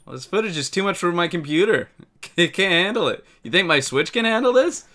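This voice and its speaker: A young man doing a live reaction, excitable and breaking into shouts. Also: high-pitched, fairly quick. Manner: excitable, shouts and laughs in bursts. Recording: faint music in the background.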